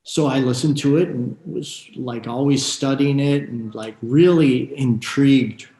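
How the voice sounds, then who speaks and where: A man guest in an interview, telling animated stories full of quoted asides and excited exclamations. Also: medium pitch, measured pace, roomy sound, rough recording. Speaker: guest guitarist.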